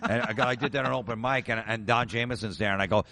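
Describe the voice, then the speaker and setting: A man's voice: mid-range voice, fast talker, gravelly, sharp tone. A man hosting a casual comedy podcast round table, telling stories and acting out the people in them. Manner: storytelling, acting out quotes. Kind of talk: casual chat.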